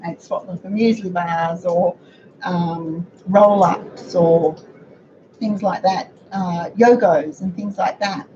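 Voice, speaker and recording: Croaky woman demonstrating cooking. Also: lowish voice, fairly even intonation, takes it slowly, warm tone. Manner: chatty, talks to viewers while cooking. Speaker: cooking show host. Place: home kitchen. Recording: dull lo-fi audio with background noise.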